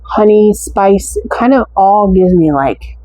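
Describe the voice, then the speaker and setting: A woman's voice: mid-range voice, lively intonation, mellow, poor audio. Chatty American woman gushing over scents. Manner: chatty, gushing, drawn-out descriptive words. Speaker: wax melt haul reviewer. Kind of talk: casual product review chat.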